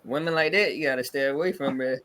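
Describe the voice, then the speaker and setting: A man co-hosting a casual podcast, relaxed and quick to laugh. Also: medium pitch.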